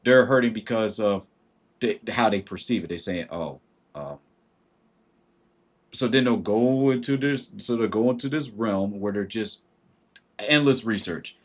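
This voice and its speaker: Lowish-voiced man chatting on a livestream. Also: moderate pace. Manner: animated, acts out quoted thoughts in shifting voices; greets viewers mid-sentence. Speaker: livestream host. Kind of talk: casual livestream chat.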